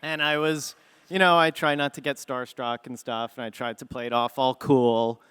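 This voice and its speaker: A man on a panel telling a rambling anecdote, halting with many fillers. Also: medium pitch, flat delivery, fairly bright tone, smooth.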